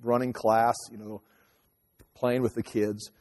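A man in his fifties telling a personal story casually, rambling with many halting restarts. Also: medium pitch, little pitch movement, a little mellow. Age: 50s. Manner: rambling, halting restarts, acts out voices in quotes. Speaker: teacher and speaker. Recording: long hall reverb.

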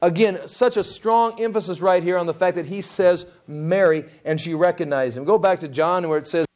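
A man's voice: high voice, a little fast, a little mellow. A man teaching a Bible passage in a conversational way. He retells the story in his own words with restarts and briefly acts out what the people said.

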